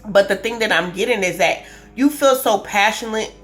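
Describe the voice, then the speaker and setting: A woman's voice: medium pitch, normal speed, a bit bright, faint music behind. A woman giving a casual tarot reading to camera, emphatic and repetitive, restating her points as she thinks aloud. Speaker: tarot reader.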